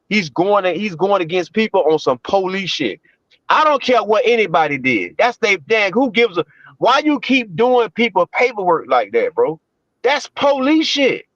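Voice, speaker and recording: A man with a high, lively voice delivers emphatic streetwise commentary on a livestream. He repeats himself for weight and talks in heavy slang. The sound is dry and a little dull. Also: no echo. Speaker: livestream co-host.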